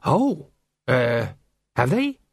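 A man's voice: medium pitch, very animated, drawn-out words, slightly rough, no room sound, studio quality, full character voice. A man doing a flustered pompous sergeant. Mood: uncertain. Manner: sing-song, hesitant, full of uhs. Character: flustered middle-aged male watch sergeant, pompous.

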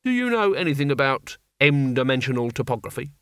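Brief: man voicing a scornful old servant, gruff storybook reading, mid pitch. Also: big pitch swings, brisk, a bit bright, dry recording, clean studio sound. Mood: sneering. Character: grumpy old male servant, sneering. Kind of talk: audiobook character voice.

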